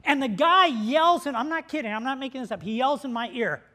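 A middle-aged pastor preaching to his congregation in a high, bright voice. He tells a story, laughs along with it and shouts out the quoted lines. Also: brisk. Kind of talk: sermon.

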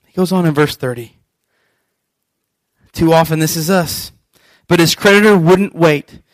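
A man preaching a sermon as pastor, animated and acting out scripture scenes. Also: fairly high pitch, unhurried, no echo, poor audio.

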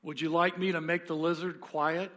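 A man voicing a mighty male angel who speaks calmly and gravely, during a sermon reading. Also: on the high side, moderate pace, lightly acted.

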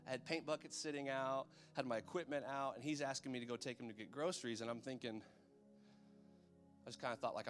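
A man's voice: medium pitch, fairly bright tone. A man preaching a sermon in a loose, conversational way, often checking in with his listeners.

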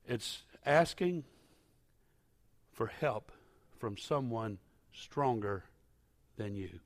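A man preaching a sermon in a church, telling stories and at times rising to loud, impassioned shouting. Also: lowish voice, expressive, takes it slowly, long pauses. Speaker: pastor.

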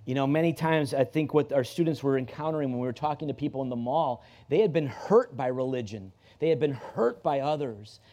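A man's voice: mid-range voice, lively intonation, a little fast, hardly any pauses, dark tone. A man preaching a sermon to a church congregation in a conversational way, often restarting his sentences and repeating key phrases for emphasis. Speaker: pastor. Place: church service.

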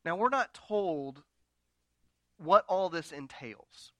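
A male pastor with a high, bright voice preaching a sermon. He acts out the quotes with real force and then drops to hushed, personal asides. The sound is close and dry, with little room around it. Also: animated, slow pace, dry recording.

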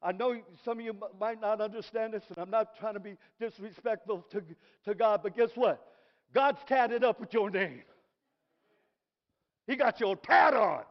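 High-voiced preacher in an echoing hall. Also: male voice. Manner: animated, swings from soft asides to shouted praise. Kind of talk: sermon. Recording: dull recording in a reverberant hall.

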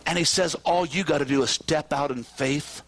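A man preaching a sermon to his congregation, climbing to shouted peaks and dropping to low, drawn-out phrases. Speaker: pastor. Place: church sanctuary with congregation.

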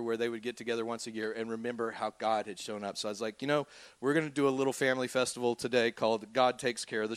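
A pastor in his forties telling a personal story in a lively, conversational way, acting out what others said. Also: medium pitch, clean tone, dry recording. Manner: animated storyteller who acts out quoted voices.

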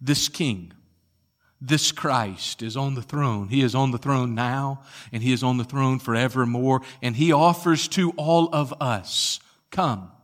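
A man preaching a sermon and reading scripture aloud, building to loud emphatic peaks and then dropping low. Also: unhurried. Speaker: pastor.

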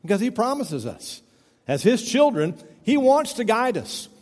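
Folksy middle-aged preacher, high voice. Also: male voice, very animated, measured pace, darkish tone, in a large hall. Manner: conversational, says "you know" often. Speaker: pastor. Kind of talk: folksy sermon.

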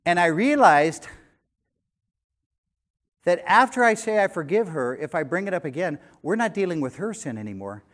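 An older man in his sixties preaching a sermon, animated, swinging between loud emphasis and quiet conversational asides. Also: high-pitched, normal speed, long pauses. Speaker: pastor.

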